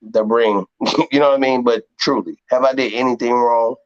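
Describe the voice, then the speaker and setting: A man speaking as a guest on a live online panel, rambling and halting as he defends himself. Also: mid-range voice, steady tone, dry recording. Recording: dull, dry, lo-fi call audio.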